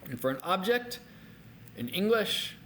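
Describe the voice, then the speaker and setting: A man teaching a language lesson, explaining phrases in an upbeat, animated way. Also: high-pitched, measured pace, slight background noise.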